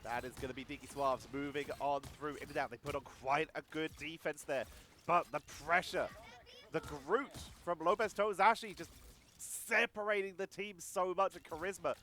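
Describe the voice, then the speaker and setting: A man casting a competitive video game match live, giving rapid play-by-play and chatting about viewer comments. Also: a little high, slight background noise. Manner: rapid excited play-by-play, talks to chat. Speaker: esports caster.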